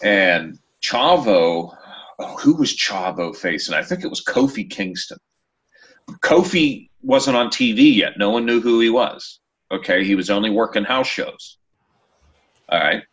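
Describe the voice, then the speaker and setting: A man hosting a casual chat show, telling a story with lively, acted-out quotes. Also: fairly low pitch, unhurried, dull audio. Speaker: podcast host.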